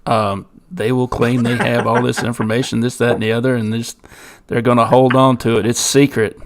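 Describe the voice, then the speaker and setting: A man with a gravelly, creaky voice chats casually as a host. He talks earnestly and restarts his sentences by repeating words. His pitch sits in the middle range. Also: level tone, moderate pace. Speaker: podcast host. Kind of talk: casual chat.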